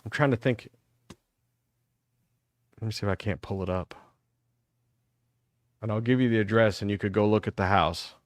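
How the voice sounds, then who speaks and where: A man's voice: fairly low pitch, normal speed, long pauses, dry recording. A middle-aged man from the United States hosting a live talk show, telling rambling stories and acting out what other people said. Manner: animated storytelling, acts out other people's lines. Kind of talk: rambling live-stream monologue.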